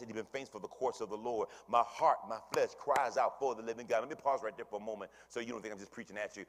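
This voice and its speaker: A male pastor preaching a sermon, swinging between hushed murmurs and loud emphatic peaks, with casual asides to the congregation. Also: mid-range voice, in a large hall. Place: church sanctuary.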